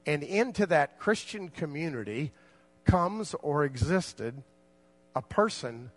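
A man's voice: fairly high pitch, sing-song, takes it slowly. A man giving a conversational Bible teaching sermon, asking the listeners many rhetorical questions. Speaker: preacher. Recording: long reverb of a large hall.

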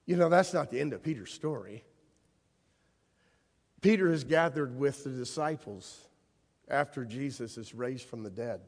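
A man's voice: medium pitch, a little slow, pauses often, darkish tone, husky. A man preaching a sermon, telling stories dramatically and acting out the people he quotes. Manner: dramatic storytelling, voicing the figures he quotes. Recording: long reverb of a large hall.

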